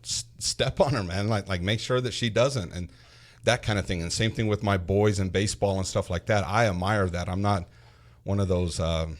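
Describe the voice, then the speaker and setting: Low-voiced man telling a lively story. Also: moderate pace. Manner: animated storyteller, repeats words when starting sentences. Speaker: podcast guest. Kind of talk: casual chat.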